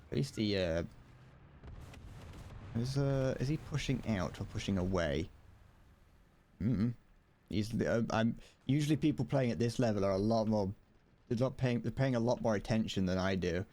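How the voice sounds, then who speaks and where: British male streamer, lowish voice, rambly and stammering, loose off-the-cuff commentary. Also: moderate pace, pauses often, mellow. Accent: British English. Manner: rambling, stammers and restarts, chuckles often. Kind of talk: casual game-stream chatter.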